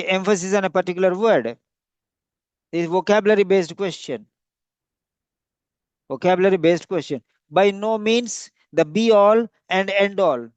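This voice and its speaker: High-voiced man teaching a lesson. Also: a little mellow, smooth, no room sound. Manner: repetitive, emphatic, stretches key words. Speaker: English teacher. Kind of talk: classroom lecture.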